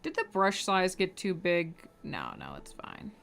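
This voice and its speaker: Slow-talking woman chatting on a livestream. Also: on the low side, wildly swooping pitch, vocal fry, fairly bright tone. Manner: rambling, talks to chat while drawing, hums between remarks. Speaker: streamer drawing live. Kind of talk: casual livestream chat.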